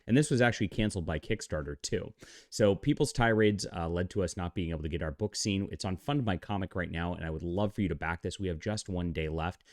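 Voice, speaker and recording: A man with a fairly low voice delivers a heated commentary rant, mocking and scoffing as he goes. He rambles, restarting his sentences with frequent "uh"s. The recording is dry and close, with no room sound. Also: quick pace, a little mellow, dry recording. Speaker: channel host and comic commentator. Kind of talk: ranting commentary vlog.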